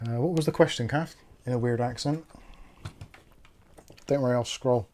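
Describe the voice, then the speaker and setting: A man's voice: mid-range voice, moderate pace, a little mellow, a little hiss or hum. A man with a Bristolian accent hosting a livestream, chatting casually and thinking aloud while he builds a PC.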